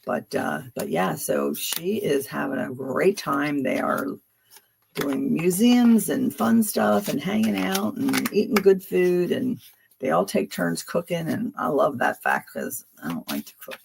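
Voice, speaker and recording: Low and sing-song, this unhurried voice carries vocal fry against background noise. It belongs to a woman in her 70s from Philadelphia who reads tarot on a livestream, rambling casually through anecdotes with frequent laughter.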